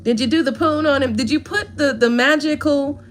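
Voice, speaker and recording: A woman's voice: high voice, normal speed, a little hiss or hum. A woman giving a casual tarot reading, sassy and playful, full of slang and asides. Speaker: tarot reader.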